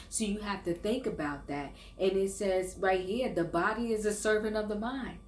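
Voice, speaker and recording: A woman's voice: medium pitch, moderate pace, few pauses, reverberant, slight background noise. An older woman talking in a casual vlog, earnest and encouraging, sometimes stumbling over her words. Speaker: vlogger. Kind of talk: casual faith and self-help vlog.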